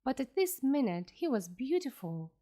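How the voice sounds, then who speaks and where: A woman narrating a classic sea story slowly and clearly for English learners. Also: high-pitched. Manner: clear, careful and expressive. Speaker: audiobook narrator.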